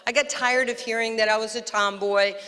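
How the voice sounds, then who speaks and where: Older new york woman, bright lively storyteller, long echo from the PA. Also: fairly high pitch, a little fast. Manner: animated storyteller, acts out quotes. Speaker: guest speaker. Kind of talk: storytelling speech. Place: outdoor park dedication.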